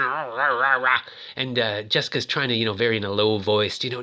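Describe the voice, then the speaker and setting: A man in his fifties rambling excitedly as he retells a movie plot in casual chat. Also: medium pitch, brisk. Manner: rambling, excitable, lots of fillers. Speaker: movie toy reviewer.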